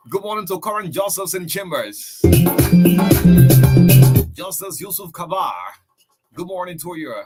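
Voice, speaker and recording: Bright-voiced Liberian radio host. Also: male voice, high voice, lively intonation, a little slow, long pauses, faint music behind. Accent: Liberian English. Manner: chatty, storytelling, loose with fillers and laughs. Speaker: radio breakfast show host. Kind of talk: casual radio talk, reading listener shout-outs.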